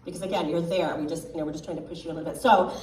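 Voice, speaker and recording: A woman coaching a choir as a guest clinician, upbeat and encouraging, giving quick directions. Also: fairly low pitch, steady tone, a little mellow, a little hiss or hum. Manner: upbeat, encouraging, sometimes sings lines to demonstrate. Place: choir rehearsal room. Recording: echoey room from far off, faint ambience.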